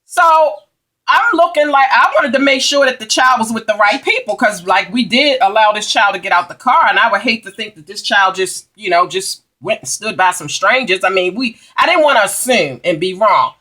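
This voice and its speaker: A woman's voice: mid-range voice, lively intonation, normal speed, bright, forceful tone. A woman telling a heated, profane story as a vlogger, emphatic and indignant. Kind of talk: angry storytime rant.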